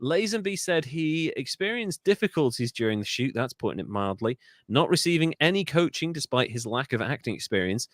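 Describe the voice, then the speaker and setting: Animated man hosting a history podcast. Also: medium pitch, brisk, hardly any pauses, no room sound, clean studio sound. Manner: animated, swears freely, drops into mock voices and impressions. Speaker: podcast co-host. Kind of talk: casual comedic history podcast chat.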